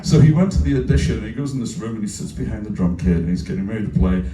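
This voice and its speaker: A man from Ireland, a musician, telling animated anecdotes on stage and acting out the voices of the people in them. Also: on the low side, racing. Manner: animated, acts out voices in quotes, laughs often. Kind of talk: casual onstage storytelling. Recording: echoey club from a distance.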